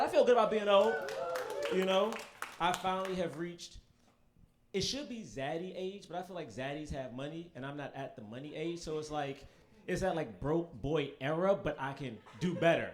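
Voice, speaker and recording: Animated high-voiced young man doing stand-up. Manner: animated, profane storytelling with quick asides to the crowd. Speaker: stand-up comedian. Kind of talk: stand-up comedy set. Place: comedy stage in front of a live audience.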